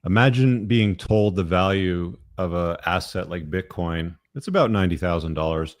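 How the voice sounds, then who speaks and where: A man's voice: low-pitched, moderate pace, dry recording. A middle-aged man hosting a podcast, giving blunt, profane opinions with many fillers. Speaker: podcast host. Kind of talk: casual podcast talk.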